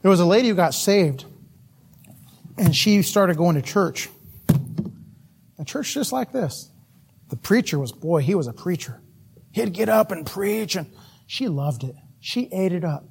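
A male preacher telling an animated story in a sermon, often laughing as he speaks. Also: high-pitched, a little slow, creaky, long pauses, husky.

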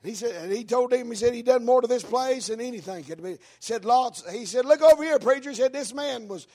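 Raspy, high-voiced preacher. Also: male voice. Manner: preaching cadence, rising into shouts, drawn-out words. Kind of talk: fiery sermon with storytelling. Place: church.

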